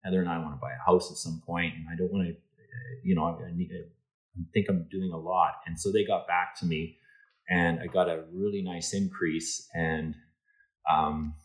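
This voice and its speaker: A middle-aged man with a low, deep voice shares workplace stories in a relaxed interview. He slips into quoted dialogue with energy. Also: moderate pace, low-quality recording. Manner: animated anecdotes, acts out quoted dialogue. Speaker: insurance executive, podcast guest. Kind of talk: casual storytelling interview.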